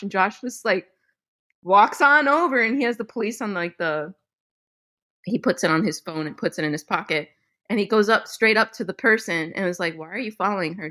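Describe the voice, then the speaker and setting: A young woman podcast host telling a story in a casual chat, animated and laughing often, with some swearing. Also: mid-range voice. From Midwestern United States.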